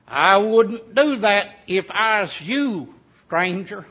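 Preacher doing a sly old mountaineer, high and husky, slow warning drawl. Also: male voice, lively intonation, bright, forceful tone, exaggerated voice. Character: scrawny ninety-year-old mountain man, stubborn and sly. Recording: dull lo-fi sound.

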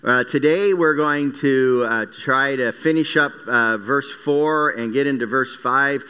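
Bright, clear-voiced man teaching scripture. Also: mid-range voice, unhurried. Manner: teaching, many uh fillers, recaps and explains Greek words. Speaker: Bible teacher. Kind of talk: sermon.

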